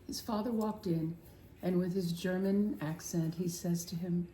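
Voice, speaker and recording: A woman co-hosting a Christian talk show tells a story very slowly and tenderly. Her voice sits low for a woman and at times drops to a near whisper. The sound is roomy and echoey, with a faint hum behind it. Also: fairly even intonation, warm tone. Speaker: Christian TV co-host.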